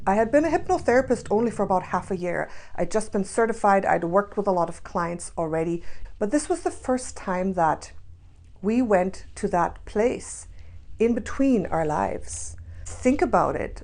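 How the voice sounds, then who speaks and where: Soft-spoken woman telling a spiritual story. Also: mid-range voice. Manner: earnest, soft-spoken, laughs often. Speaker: spiritual reader and channeler. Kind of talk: storytime vlog.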